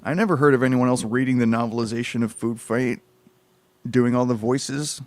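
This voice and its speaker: A man's voice: medium pitch, fairly even intonation, moderate pace, soft background music. A man live-streaming a book reading, breaking off into rambling, profane, incredulous asides.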